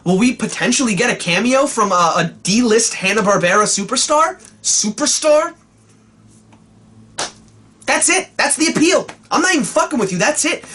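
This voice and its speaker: A man's voice: high-pitched, a bit bright, breathy edge. A man reviewing an old cartoon in a sarcastic, exasperated rant full of swearing. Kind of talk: ranting comedic review.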